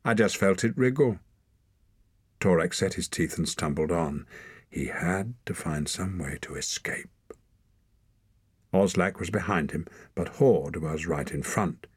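Reading scripted narration, this low-voiced, husky man tells the story at a measured pace with plenty of expression. It's studio quality with no echo.

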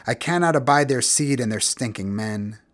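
A man's voice: mid-range voice, normal speed, natural voice. Man reading as a curt, spiteful woman. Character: hard, spiteful middle-aged woman.

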